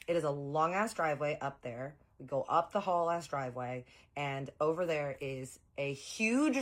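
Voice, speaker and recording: A young woman telling an animated, slangy story in a storytime vlog. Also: deep voice, a little slow, few pauses.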